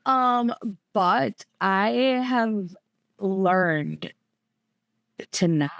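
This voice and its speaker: A woman chats as a podcast guest. She rambles, leaning on fillers like "like" and "you know". Her voice is mid-pitched and the sound is dry and close. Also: expressive, drawn-out words, fairly bright tone, dry recording. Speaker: podcast guest, former coaching client. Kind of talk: casual conversational interview.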